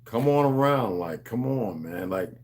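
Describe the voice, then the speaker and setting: A man's voice: lowish voice, lively intonation, unhurried, darkish tone, slight background noise. A man hosting a livestream, talking in a loose, rambling monologue. He preaches to his viewers in street slang and calls them beloved. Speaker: livestream host.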